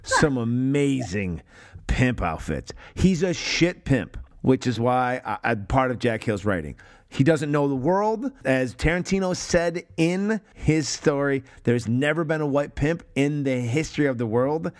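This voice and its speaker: A man's voice: medium pitch, animated, measured pace, darkish tone. A man co-hosting a podcast, chatting casually about old films, laughing often and swearing freely as he rambles. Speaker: podcast co-host. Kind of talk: casual film review chat.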